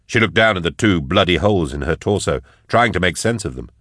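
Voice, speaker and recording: A man narrating an audiobook in a measured, even way. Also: deep voice, dry recording, studio quality.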